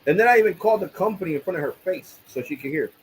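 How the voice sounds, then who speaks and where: A man's voice: high voice, animated, racing, slight background noise, poor audio. A young man live-streaming, venting angrily with lots of cursing and repetition. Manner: angry, profane, repetitive venting. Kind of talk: casual live-stream rant.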